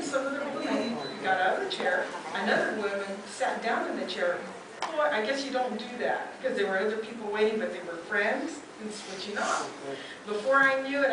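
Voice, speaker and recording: Middle-aged woman telling stories at a eulogy. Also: on the high side. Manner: lively storyteller who acts out quotes and laughs as she tells. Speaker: daughter giving a eulogy. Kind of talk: funeral eulogy storytelling. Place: memorial service hall. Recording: echoey hall from far off, loud noise.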